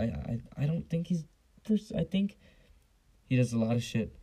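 A man's voice: fairly low pitch, gravelly, warm tone, low-quality recording. A young man hosting a casual solo podcast, blunt and profane, rambling with lots of fillers on a basic home mic. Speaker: podcast host.

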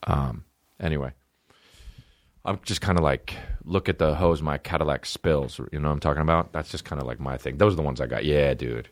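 A man hosting a comedy podcast, rambling and swearing in a casual rant that jumps between mumbled asides and sudden high-pitched outbursts. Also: a little fast, no room sound, clean studio sound. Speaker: podcast host.

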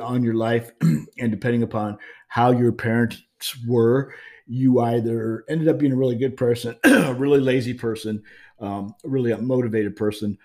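A man's voice: mid-range voice, a little mellow. A man hosting a podcast from his home, talking in a frank, rambling way with many fillers and restarts. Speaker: podcast host. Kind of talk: casual monologue.

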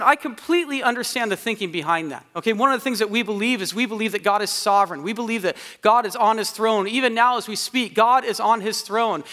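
A man preaching a sermon, reading scripture and explaining it earnestly, slowing and softening on key verses. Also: high-pitched, big-room sound. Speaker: pastor.

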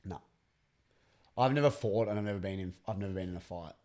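A man's voice: low-pitched, fast, a little mellow. A young Australian man co-hosting a podcast, laid-back and crude in casual banter, laughing often. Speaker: podcast co-host.

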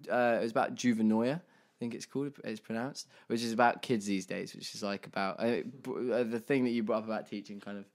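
Rambling young man. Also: lowish voice. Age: 20s. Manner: rambling, filler-heavy storytelling with many restarts. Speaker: podcast co-host. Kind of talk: casual chat.

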